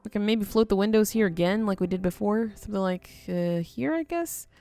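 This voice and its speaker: A woman's voice: mid-range voice, fairly quick, warm tone, no room sound. A woman casually narrating her building game, chatty and playful, talking to herself as she works. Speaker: gaming video host.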